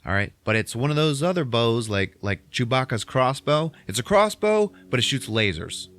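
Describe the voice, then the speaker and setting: A man hosting a podcast, recapping a film in a casual, profane way and acting out the characters in quick voices. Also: mid-range voice. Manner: animated retelling, heavy swearing, acts out characters in quick voices. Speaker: podcast host retelling a film.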